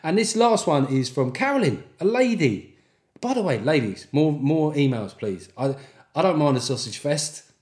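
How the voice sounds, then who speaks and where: A man's voice: on the high side, sing-song, moderate pace, darkish tone, reverberant. A man hosting a podcast, delivering a sweary, jokey comic monologue and reading out listener reviews. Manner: sweary, jokey, slips into mock accents. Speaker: podcast host.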